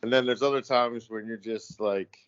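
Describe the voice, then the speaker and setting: An American man talking as a guest in a casual chat, halting and rambling with many fillers. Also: medium pitch, fairly even intonation, dry recording. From United States. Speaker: guest, tattoo artist. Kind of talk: casual conversation. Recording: dry, dull lo-fi audio.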